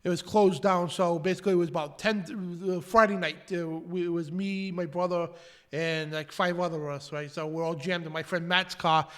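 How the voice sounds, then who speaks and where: A man co-hosts the show and tells a story in a loose, chatty way, full of fillers. His voice sits notably high for a man. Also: steady tone, normal speed, a bit bright. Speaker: co-host. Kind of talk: casual chat.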